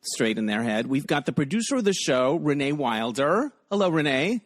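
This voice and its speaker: A man's voice: fairly high pitch, sing-song, normal speed, dry recording, clean studio sound. A man hosting a podcast in a casual, rambling chat, often laughing as he talks. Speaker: podcast host.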